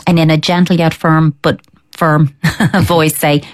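A woman, calmly and firmly giving parenting advice to listeners, often voicing a child's thoughts. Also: deep voice, moderate pace. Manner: calm, firm, explains with acted-out child thoughts. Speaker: parenting expert answering listener letters. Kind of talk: advice on a radio or podcast show.

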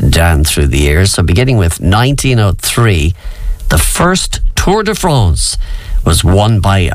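A lowish male radio host with a very lively, bouncing delivery, talking casually through on-this-day facts and tossing asides to the listener. The sound is dry and close, straight into a studio mic. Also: dry recording. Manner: chatty, asides to listener, playful.

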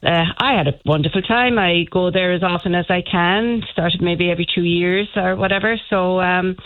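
A woman's voice: lowish voice, normal speed. A woman with a Cork Irish accent calling a radio show and telling a rambling, friendly story. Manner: chatty, rambling, warm storyteller. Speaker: radio caller. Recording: tinny phone line.

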